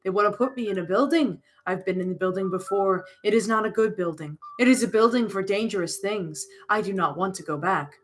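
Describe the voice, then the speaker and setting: A woman voicing a gentle, lonely moth creature boy in a game, with stilted, flowery formal speech. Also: mid-range voice, a little fast, few pauses, slight background noise, natural voice. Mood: solemn.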